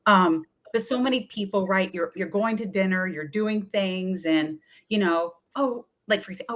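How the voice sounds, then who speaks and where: A middle-aged woman, a wellness coach, telling lively stories in an interview and acting out what people said to her. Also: mid-range voice, normal speed, hardly any pauses. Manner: energetic, chatty, often acts out quoted voices. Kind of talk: animated storytelling in a talk-show interview.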